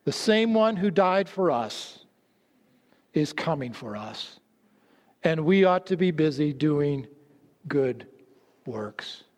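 Man preaching, fairly high voice, long hall echo, storytelling, sinks low and slow for emphasis. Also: animated. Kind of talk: sermon.

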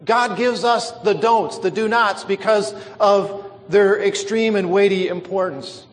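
A man's voice: sits high, unhurried, in a large hall. A man preaching a sermon, stretching out and stressing key words for emphasis.

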